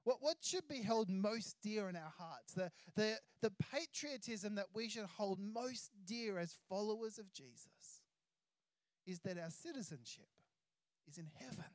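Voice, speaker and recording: An Australian pastor preaching a sermon, emphatic, stretching key words out slowly. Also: medium pitch, dry recording.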